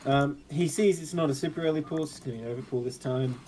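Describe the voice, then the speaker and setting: A man with an Australian accent casually commentating an esports match, joking and quick to react. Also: on the high side, dark tone, a little hiss or hum, poor audio. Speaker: esports caster.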